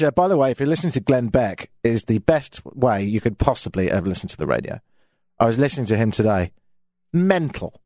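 Grumbling self-mocking British radio host. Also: male voice, medium pitch, no echo. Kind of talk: casual radio monologue. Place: radio studio. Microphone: studio microphone.

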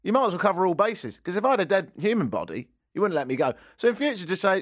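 Talking quickly in a high, sing-song voice, an English radio host jokes and pokes fun at himself during relaxed on-air chat. The studio-quality recording, made on a studio microphone in a radio studio, has no room sound.

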